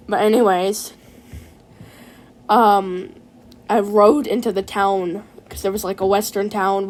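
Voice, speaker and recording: A woman telling a rambling, silly first-person adventure story, excitable and stumbling over her words. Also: mid-range voice. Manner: excitable, restarts and repeats words.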